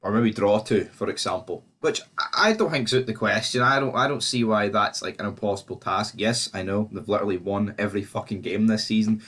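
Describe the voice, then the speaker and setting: On his football vlog, a Scottish fan previews a match in a casual, animated way, swearing freely as he talks like a supporter. His voice is fairly low, and he speaks briskly with barely any pauses.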